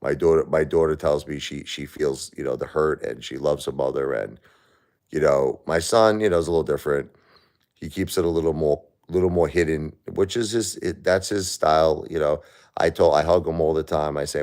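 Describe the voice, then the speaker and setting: A man with an extremely deep, low voice talks straight to his viewers on a live stream. He sounds grief-stricken and stressed, halting and repeating words as he goes. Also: darkish tone. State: grieving, stressed. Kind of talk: emotional live-stream chat.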